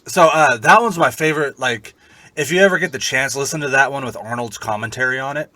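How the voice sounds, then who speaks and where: A man co-hosting a podcast, chatting casually and telling animated, profane stories. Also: mid-range voice, fairly quick, no room sound. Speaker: podcast co-host. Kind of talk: casual chat.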